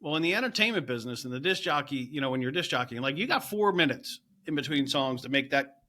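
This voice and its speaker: A middle-aged man working as a real estate agent, a podcast guest talking in energetic bursts full of "you know" and "right?". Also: medium pitch, fast talker. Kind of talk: casual interview chat.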